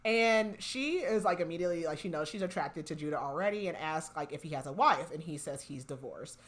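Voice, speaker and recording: A woman's voice: deep voice, lively intonation, fairly quick. A young woman hosting a podcast, casually retelling a novel's plot and filling her speech with "like". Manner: chatty, heavy use of "like", retells scenes with quoted lines. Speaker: podcast host. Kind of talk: casual book recap.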